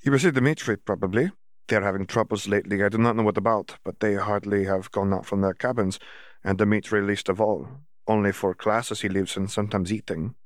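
A man's voice: lowish voice, fairly even intonation, fairly quick, dry recording, clean studio sound, natural voice. A man voicing a stern foreign schoolgirl who speaks in stiff, formal phrasing. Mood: matter-of-fact.

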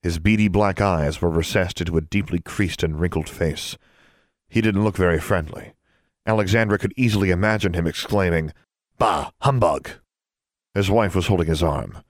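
An audiobook narrator with a very low, deep male voice reads a scripted story in a steady, measured way. The recording is close and dry, without any room sound.

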